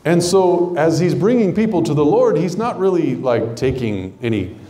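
Male preacher with a mellow tone and animated delivery, acts out characters, echoey room. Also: fairly high pitch, normal speed. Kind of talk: conversational sermon. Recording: roomy echo.

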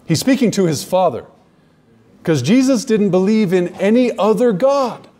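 A man preaching a sermon to a live audience, emphatic, slowing down to stress key words and addressing listeners directly. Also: sits high, expressive, mellow.

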